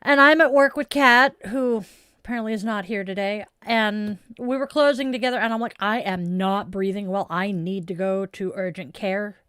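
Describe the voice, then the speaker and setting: A woman's voice: mid-range voice, normal speed, a bit bright, smooth, no room sound, clean studio sound. A woman chatting casually with viewers on a stream, rambling and self-deprecating with frequent sighs. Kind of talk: casual live-stream chat.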